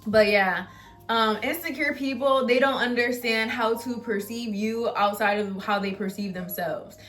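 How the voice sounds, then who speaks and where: A young woman vlogging to camera in casual chat, ranting bluntly with swearing, then calmly showing a craft. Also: fairly high pitch, unhurried, soft background music. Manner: animated and ranting, swearing, laughing at herself.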